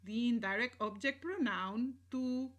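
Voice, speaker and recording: Slow, bright-voiced woman teaching grammar. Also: on the high side. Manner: explanatory, checks in with "right?" and "¿sí?"; switches between English and Spanish examples. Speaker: Spanish teacher. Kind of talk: recorded grammar lesson.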